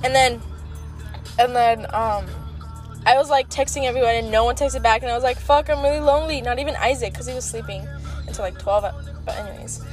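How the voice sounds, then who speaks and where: A young woman with a high voice rambles through a story in a car, full of "like" and casual swearing. Soft music plays faintly behind her. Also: brisk. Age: young adult. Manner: rambling, swears a lot, many fillers. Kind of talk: casual chat.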